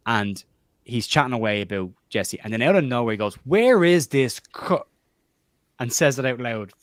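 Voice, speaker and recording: A man hosting a football chat at a rapid clip. His voice sits close and dry, with no room around it. He tells stories with mocking impressions. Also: mid-range voice, no echo. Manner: animated storyteller, mocking impressions. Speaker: podcast host.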